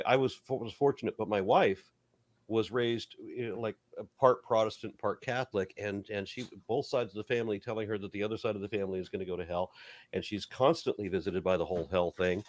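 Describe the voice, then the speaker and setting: A man hosting a casual panel chat and reading out viewer comments with a chuckle. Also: on the low side. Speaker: host.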